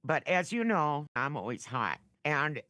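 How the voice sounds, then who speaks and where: A woman's voice: low voice, sing-song, a little slow, sharp tone, no room sound, clean studio sound. A woman co-hosting a podcast, bantering casually and laughing often. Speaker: podcast co-host. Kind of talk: casual chat.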